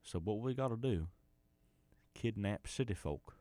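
Deep-voiced folksy Southern man. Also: expressive, a little slow, mellow, no room sound. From Arkansas. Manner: folksy, rambling, mock-earnest. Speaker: podcast host. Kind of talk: comedic rambling monologue.

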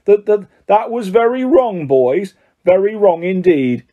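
A man's voice: high-pitched, big pitch swings, moderate pace, husky, phone-quality sound, voice pushed up, exaggerated voice. A man doing a tired, flustered wizard dad. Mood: weary, flustered. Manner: tired, mumbling, then flustered. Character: mild, flustered middle-aged wizard father.

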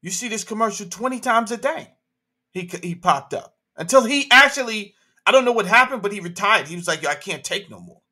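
A man's voice: high-pitched, expressive, brisk, sharp tone. A man hosting a livestream, talking in an emphatic, slangy way full of rhetorical questions. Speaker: livestream host. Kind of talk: animated opinion talk.

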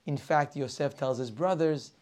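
Animated male rabbi, lecture voice, asks questions, acts out characters. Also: fairly high pitch, moderate pace. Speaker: rabbi teaching a weekly class. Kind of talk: lively Torah class lecture.

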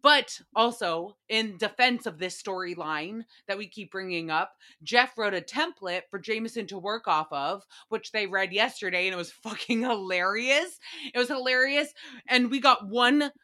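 A young woman hosting a casual recap podcast, animated, profane and giggly as she talks. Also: mid-range voice, moderate pace. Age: young adult. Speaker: podcast host.

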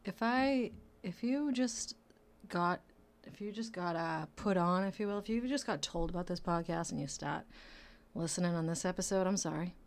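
A woman hosting her own podcast, talking loosely and playfully in casual solo chat, now and then dropping to a soft whisper. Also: fairly low pitch, normal speed, a little hiss or hum. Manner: chatty, self-deprecating, loose and playful. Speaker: podcast host.

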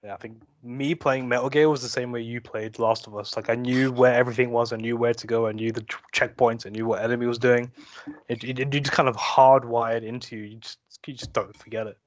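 A man's voice: medium pitch, steady tone, a little fast, no echo. A man co-hosting a casual gaming podcast in an easygoing way. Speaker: podcast co-host. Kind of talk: casual chat.

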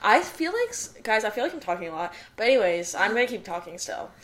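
A woman's voice: mid-range voice, big pitch swings, fast talker, a bit bright. A young woman co-hosting a podcast, chatting casually, rambling and repeating her catchphrases. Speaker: podcast co-host. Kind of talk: casual chat.

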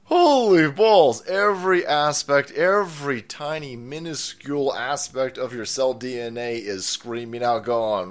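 A man's voice: medium pitch, measured pace, few pauses. A man hosting a commentary show, ranting in a foul-mouthed, mocking way. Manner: foul-mouthed, mocking, laughs at own jokes.

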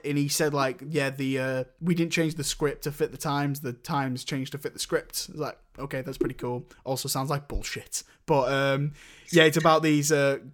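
Young guy rambling about movies, kinda high voice, lots of likes. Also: fairly bright tone. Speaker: podcast co-host reviewing films. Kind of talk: casual chat.

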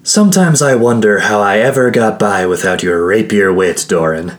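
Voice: low-pitched, moderate pace, lightly acted. A man voicing a sardonic companion who drawls a dry, sarcastic remark.

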